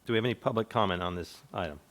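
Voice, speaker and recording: A man's voice: fairly low pitch, very fast, fairly bright tone. A man chairing a city council meeting as mayor, brief and procedural as he calls on speakers.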